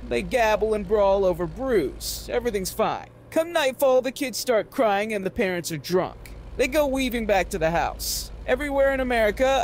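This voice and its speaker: A man narrating a novel with an expressive, lively reading. His voice sits high and moves a lot in pitch. A faint hiss runs under the recording. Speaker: audiobook narrator.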